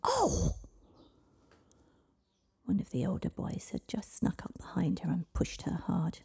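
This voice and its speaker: A woman reading a storybook aloud in a soft, half-whispered delivery. Her voice sits low and very dark, breathy and husky with a gravelly grain. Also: moderate pace. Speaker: narrator.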